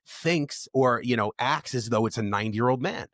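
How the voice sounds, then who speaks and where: A man's voice: mid-range voice, moderate pace, fairly bright tone, no room sound, clean studio sound. A man on a podcast, telling candid stories in a casual, profane way. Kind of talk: casual chat.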